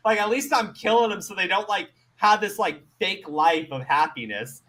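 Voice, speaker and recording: Profane, animated man ranting on a commentary show. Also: high voice, moderate pace, few pauses. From Middle East. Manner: profane, animated, laughs often, stammers on restarts. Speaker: commentary host. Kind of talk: casual commentary chat.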